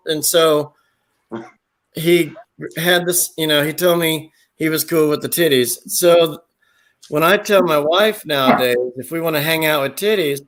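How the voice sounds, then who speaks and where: A man's voice: a little high, moderate pace, a bit bright. A man telling rambling, crude comic anecdotes in casual talk and slipping into voice impressions. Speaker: storyteller.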